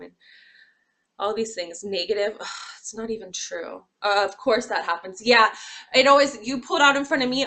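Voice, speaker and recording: Woman lecturer, gravelly fry, expressive and demonstrative delivery. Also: medium pitch, moderate pace. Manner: expressive, acts out examples, sighs and groans. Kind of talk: classroom lecture.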